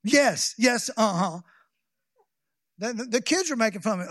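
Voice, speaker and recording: High-voiced preacher, folksy and rambling. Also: male voice, animated, normal speed, dry recording, studio quality. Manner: folksy, rambling with restarts, building to shouted exhortation. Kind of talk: sermon.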